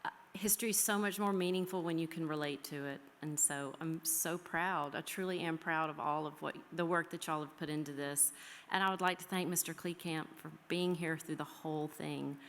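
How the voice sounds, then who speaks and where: Woman teacher, southern roots, lowish voice, heartfelt, long reverb. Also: fairly even intonation, brisk, a bit bright, slight background noise. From American South. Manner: heartfelt, folksy, says y'all. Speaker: history teacher. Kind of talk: reading a poem, then addressing students. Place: school chapel. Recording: reverberant hall.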